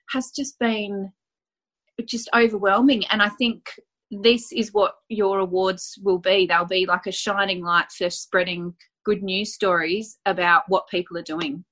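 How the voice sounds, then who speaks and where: A bright, crisp voice belongs to an Australian woman speaking as an interview guest. She talks effusively, winding through her points with plenty of fillers. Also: mid-range voice. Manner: warm, effusive, rambling with fillers. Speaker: guest, award finalist. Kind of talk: casual conversational interview.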